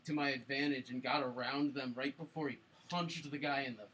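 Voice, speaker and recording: A man's voice: medium pitch, steady tone, fairly quick, a bit bright, slight background noise, poor audio. A man casually telling a story on a podcast, rambling with lots of fillers and swearing. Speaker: podcast co-host.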